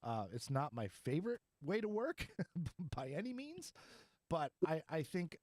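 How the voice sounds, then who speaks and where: A man's voice: a little high, big pitch swings, unhurried, darkish tone, no echo. A man hosting a podcast, talking in a casual, rambling way and laughing easily. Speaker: podcast host. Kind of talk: casual chat.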